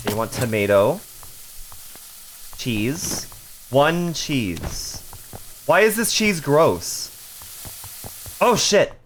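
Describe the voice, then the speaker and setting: Frantic streamer yelling and laughing while cooking burgers in a game, pitch jumps all over, drawn-out slow delivery. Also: very animated, slight background noise. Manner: frantic, swearing, laughing, bantering with chat. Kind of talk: casual live-stream game commentary.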